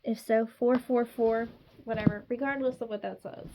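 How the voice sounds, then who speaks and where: A woman's voice: fairly high pitch, fairly even intonation, normal speed, background noise. Sassy, chatty woman reading tarot. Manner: sassy, chatty, talks straight to the viewer. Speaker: tarot reader. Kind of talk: casual tarot reading to camera.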